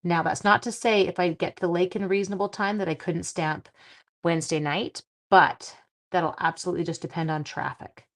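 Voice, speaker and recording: A woman's voice: lowish voice, fairly even intonation, a little fast. A middle-aged woman from Canada chatting with viewers while she makes cards on a live stream, thinking aloud as she works. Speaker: card-making live streamer. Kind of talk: live craft stream chat.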